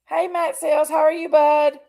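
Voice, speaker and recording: A woman chats live with her viewers, greeting each one by name. Her voice sits high and has a gravelly fry. She talks openly and with feeling about her own struggles. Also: little pitch movement, moderate pace, dark tone. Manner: chatty, greets viewers by name, says honey and y'all; emotional, open about personal struggles. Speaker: livestream host. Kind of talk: casual chat with live viewers.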